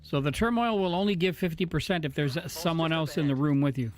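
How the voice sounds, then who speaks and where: Man, game streamer, casual rambling talk, somewhat high pitch, faint noise. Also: fast. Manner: rambling, with many fillers and restarts, thanks followers eagerly. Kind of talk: casual live-stream commentary.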